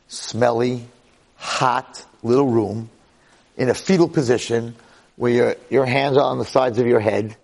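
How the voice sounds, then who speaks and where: A man giving an animated storytelling Torah lecture, repeating phrases and checking in with the listeners. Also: medium pitch, creaky.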